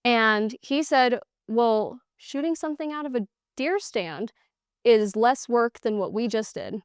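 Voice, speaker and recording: A woman's voice: a little high, measured pace, clean tone, no room sound, studio quality. A young woman telling hunting stories in a casual interview, acting out quoted exchanges and laughing often. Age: young adult. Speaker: guest, hunter.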